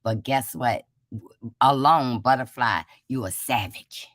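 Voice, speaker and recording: A woman's voice: very deep voice, takes it slowly, no echo, studio quality. Fervent woman testifying on a live chat. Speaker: guest. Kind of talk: casual live-stream chat.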